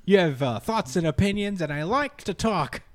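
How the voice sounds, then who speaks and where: A man voicing a flirty, lonely male demon, pitched up in a wheedling come-on. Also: expressive, moderate pace.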